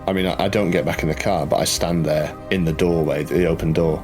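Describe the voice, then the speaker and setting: A man's voice: low-pitched, steady tone, over music. A man playing in a tabletop horror game, casual and jokey, swearing when his character gets riled. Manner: jokey, swearing, quick to protest. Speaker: player.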